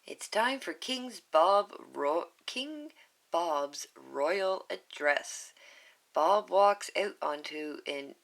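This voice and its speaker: A woman's voice: lowish voice, animated, extremely slow, fairly bright tone. A woman reading a picture book aloud to viewers, with chatty, giggly asides. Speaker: storybook reader.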